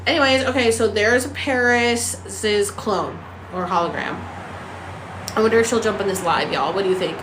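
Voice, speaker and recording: A woman hosting a casual livestream chat, ranting in an animated, profane, incredulous way. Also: mid-range voice, normal speed, roomy sound, slight background noise. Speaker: TikTok live host. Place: apartment in a city.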